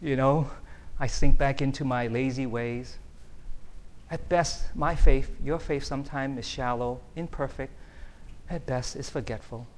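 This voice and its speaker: A man's voice: mid-range voice, steady tone, unhurried, slight background noise. A middle-aged man, preaching a conversational sermon that keeps checking in with the audience. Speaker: pastor.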